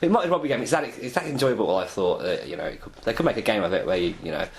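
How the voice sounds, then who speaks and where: A man of thirty, co-hosting a casual podcast and explaining a book in a rambling, animated way. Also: lowish voice, very fast, slight background noise. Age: 30s. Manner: animated, laughs often, explains at length. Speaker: podcast co-host. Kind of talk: casual chat.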